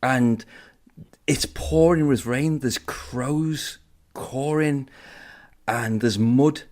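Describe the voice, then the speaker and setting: A man co-hosting a chat show, sharing anecdotes in a relaxed way. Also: mid-range voice, very slow. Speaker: co-host. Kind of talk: casual chat.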